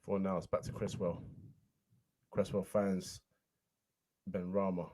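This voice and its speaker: A man's voice: low-pitched, flat delivery, slow, warm tone. A young man giving casual play-by-play football commentary, chatty and naming players as the game goes.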